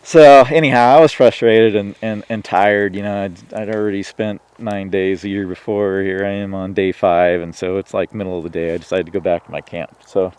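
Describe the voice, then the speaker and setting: Brisk, with hardly any pauses, he speaks in a smooth, darkish, steady voice on the low side. A turkey hunter from Washington State appearing as a podcast guest, he rambles through a hunting story, restarting often and saying "you know" a lot.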